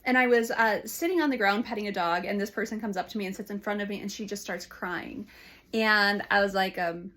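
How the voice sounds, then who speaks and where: A woman's voice: medium pitch, fairly quick. Lady counselor chatting to camera, storytelling, lots of ums and restarts. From United States. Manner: warm storytelling with frequent fillers and restarts. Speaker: licensed counselor. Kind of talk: casual advice talk to camera.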